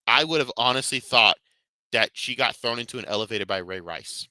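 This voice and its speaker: A man's voice: medium pitch, a little fast, pushed and bright, no room sound. A man hosting a talk stream, ranting and mocking in profane commentary. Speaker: podcast host.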